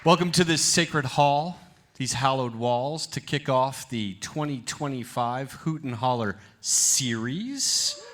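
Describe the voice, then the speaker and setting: A man giving a lively, joking live welcome speech from a theater stage as its executive director, talking through a stage microphone. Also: medium pitch, slow pace. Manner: energetic, joking with the crowd.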